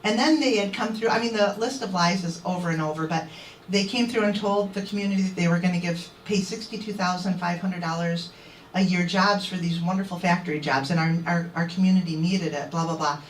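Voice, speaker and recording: A woman's voice: lowish voice, fairly quick, slight background noise. A woman activist telling a crowd an indignant story and acting out what others said. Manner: indignant, quoting others in animated voices. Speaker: activist speaker. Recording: echoey, distant mic.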